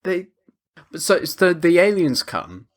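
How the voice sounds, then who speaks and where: A man co-hosting a podcast, retelling film scenes in an animated, exasperated way with mock quotes. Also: high-pitched, slow. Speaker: podcast co-host. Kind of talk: casual film review chat.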